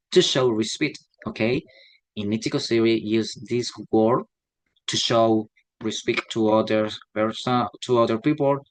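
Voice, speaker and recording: A young man giving a class presentation in a halting, hesitant way, often ending sentences with a questioning tag. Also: on the low side, no room sound, rough recording. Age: young adult. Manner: halting, tags sentences with "okay?". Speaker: student presenter.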